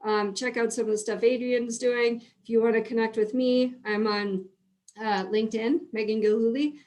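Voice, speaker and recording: A woman hosting a business webinar in an upbeat, chatty way, her voice slightly hoarse. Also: a little high, steady tone, normal speed, a little mellow. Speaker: webinar host. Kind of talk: conversational panel talk.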